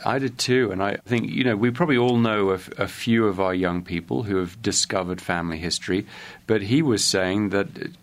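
A man's voice: fairly low pitch, moderate pace. A man speaking as a guest on a religious panel, articulate and upbeat with formal phrasing.

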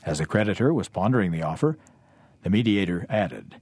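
A man reading a parable aloud for a lesson in a measured, even way. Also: low-pitched, husky, no room sound. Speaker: reader of a lesson text.

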